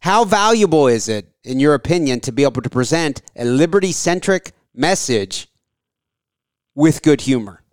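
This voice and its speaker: A man hosting a podcast, asking calm, measured questions. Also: on the high side, clear, resonant tone, dry recording, studio quality. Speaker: podcast host. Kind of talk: podcast interview.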